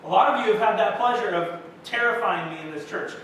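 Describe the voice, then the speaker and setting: Young man, pastor, casual self-deprecating sermon, high voice, heard from a distance. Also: fairly quick, a bit bright. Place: church sanctuary. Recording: echoey church hall from far off with faint noise.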